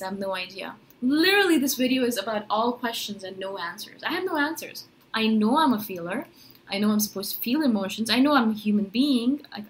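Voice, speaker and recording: A woman vlogger talking casually to camera, rambling and animated, full of "like" and self-questions. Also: mid-range voice. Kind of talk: casual talking-head monologue.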